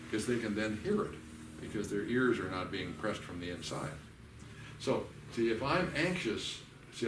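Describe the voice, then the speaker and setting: A man's voice: fairly low pitch, background noise. Older man teaching a workshop in a hall. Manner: folksy, animated, acts out quoted voices. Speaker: workshop leader. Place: church hall. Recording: echoey hall recorded from a distance.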